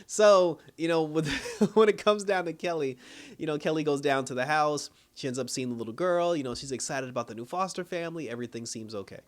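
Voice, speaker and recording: A man with a voice on the high side, speaking a little fast, casually reviews a TV episode. He rambles through the recap with lots of "you know" and "like" fillers, chuckling often.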